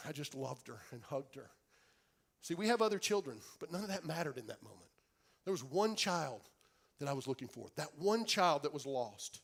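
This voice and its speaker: A young adult man, a pastor, preaching a sermon in an earnest, pleading way, dropping to soft quiet tones for emphasis. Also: a little high.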